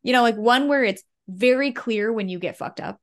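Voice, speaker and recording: A woman's voice: fairly high pitch, moderate pace. A woman co-hosting a podcast in casual chat, thoughtful and hedging, often restarting her sentences. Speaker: podcast co-host.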